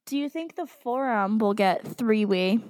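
Excitable young woman co-host, high voice. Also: unhurried, big-room sound. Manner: excitable, swears freely, dramatic groans. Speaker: podcast co-host. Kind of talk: casual fan podcast chat.

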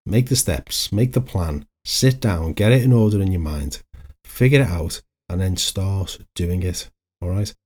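Man, middle-aged, husky, dark mellow tone, podcast coach talk. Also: sits low, expressive, unhurried. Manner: chatty, digressive, anecdotal. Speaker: podcast host, life coach. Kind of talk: solo motivational podcast talk.

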